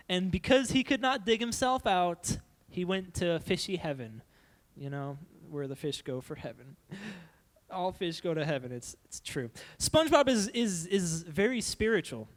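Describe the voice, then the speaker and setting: Animated young man preaching to youth. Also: sits high, moderate pace. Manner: animated, playful, acts out voices. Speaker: youth pastor. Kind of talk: youth sermon.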